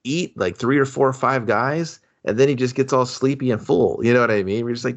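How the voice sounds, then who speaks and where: A man's voice: mid-range voice, a little fast. A man co-hosting a podcast, joking and riffing on scene ideas in casual movie chat. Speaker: podcast co-host. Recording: dull lo-fi sound.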